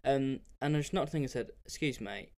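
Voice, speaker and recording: Young bloke, solo podcast host, casual and rambling, swears freely, mid-pitched voice. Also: male voice, fairly even intonation, quick pace, a little mellow. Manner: rambling and candid, with frequent fillers and swearing.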